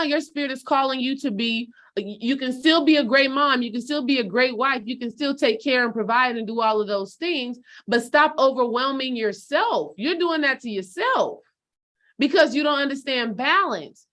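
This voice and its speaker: A woman's voice: on the high side, fairly bright tone. A woman spiritual coach giving a casual motivational talk to her followers, direct and preachy, calling them sis and baby.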